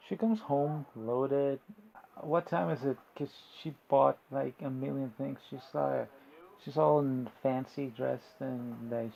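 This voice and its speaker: Man, casual episode recap, gravelly voice, sarcastic rambling, slightly muffled mic, faint hum. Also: medium pitch, dark tone. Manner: rambling, slangy, sarcastic, many fillers. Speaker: video host recapping a TV episode.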